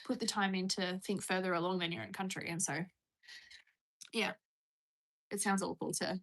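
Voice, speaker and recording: A woman's voice: medium pitch, fairly even intonation, normal speed, vocal fry, fairly bright tone. Australian woman, live streamer, casual chat, reads out viewer questions, rambly and conversational. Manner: chatty, reads viewer questions aloud and rambles through answers.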